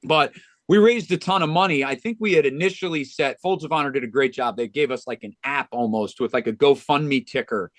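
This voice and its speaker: A man's voice: medium pitch, fairly quick, fairly bright tone, dry recording. A man, a golf instructor, speaking as a podcast guest and telling a heartfelt story in an earnest, conversational way, often restarting sentences. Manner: earnest, with frequent restarts and "you know".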